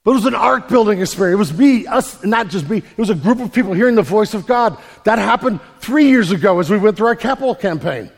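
A pastor preaching an emphatic sermon in a church, often repeating words and swinging from loud to quiet. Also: male voice, high voice, expressive, quick pace, creaky, few pauses. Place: church sanctuary. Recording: long hall reverb.

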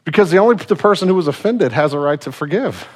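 A male pastor preaching a sermon in a casual, animated storytelling manner. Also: fairly high pitch, fast.

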